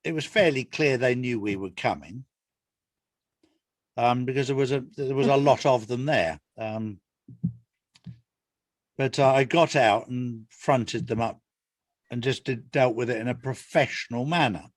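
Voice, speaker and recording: A man's voice: medium pitch, unhurried, pauses often, no echo, studio quality. An older retired Englishman giving an interview in a casual, earnest way, repeating his points for emphasis. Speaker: interview guest, author.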